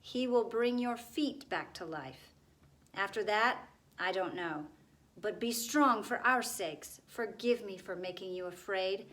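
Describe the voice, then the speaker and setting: A woman's voice: medium pitch, a little slow, fairly bright tone, natural voice. A woman voicing a sad male gargoyle who whispers in a pleading way.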